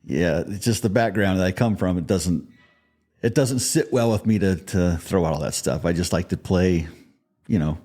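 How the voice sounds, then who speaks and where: A middle-aged man being interviewed as a business founder, speaking in a modest, relaxed and plainspoken way. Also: low-pitched, normal speed. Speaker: podcast guest, business founder. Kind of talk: conversational interview.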